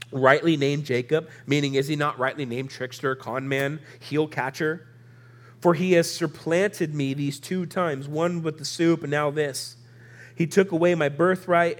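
A man preaching a sermon, reading scripture aloud and explaining it in a loose, conversational way, with a stuffy, sniffling nose. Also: medium pitch. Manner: casual, conversational Bible teaching with asides to the audience.

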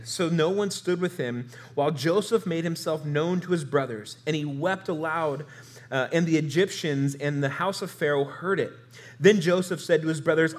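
A man preaching a sermon with a somewhat high voice. He retells the scripture story in his own words and slips into the characters' pleading lines as he goes. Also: normal speed. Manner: storytelling, acts out quoted lines with rising emotion. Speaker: pastor.

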